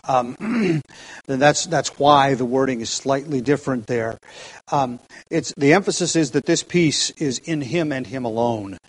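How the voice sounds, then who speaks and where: A man with a slightly raised voice teaches an expository sermon. He talks in halting phrases, repeating words and filling gaps with ums, then presses his points with more force. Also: on the high side. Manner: halting, repeats words, many fillers, grows emphatic. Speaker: pastor.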